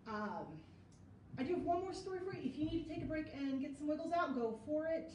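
A woman, a children's librarian, reading a picture book aloud to kids in a lively sing-song way with sound effects. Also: high-pitched, brisk, far from the mic, a little hiss or hum. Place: library story room. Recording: echoey room, voice from off-mic.

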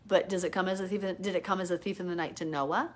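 A woman's voice: on the low side, steady tone, fast. Hyper, chatty middle-aged woman teaching. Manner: hyper, chatty storytelling full of "like"; earnest and emotional when retelling prayer. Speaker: Bible teacher. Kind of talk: live online Bible teaching.

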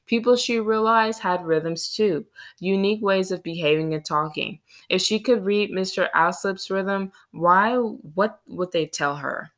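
A woman narrating a children's novel in a steady storytelling read. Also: mid-range voice, unhurried, hardly any pauses. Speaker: audiobook reader. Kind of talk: scripted narration.

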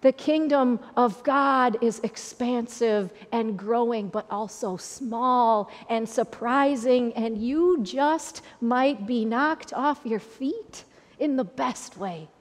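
In a church sanctuary heavy with long reverb, a woman pastor preaches slowly, repeating herself in a conversational way. Her voice leans high, and her accent is Upper Midwest American.

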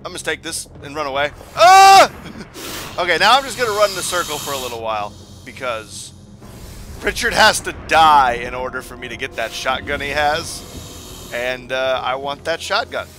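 A man's voice: mid-range voice, lively intonation, moderate pace, pushed and bright, a little hiss or hum. A young man giving casual let's-play commentary, rambling and repeating himself as he thinks aloud. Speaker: gaming video host. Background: game music.

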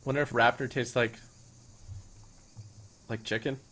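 A young man gives playful, hammy commentary over his game in an ordinary mid-pitched voice. He jokes with the creatures on screen in mock-grand lines. Now and then he breaks into loud excited shouts. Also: measured pace. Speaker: gaming YouTuber. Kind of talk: let's-play commentary.

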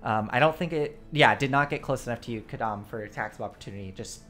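A woman's voice: very deep voice, fast talker, fairly bright tone. A woman narrating as the game master of a tabletop role-play stream, giggly and rambling with fillers, on a desk mic.

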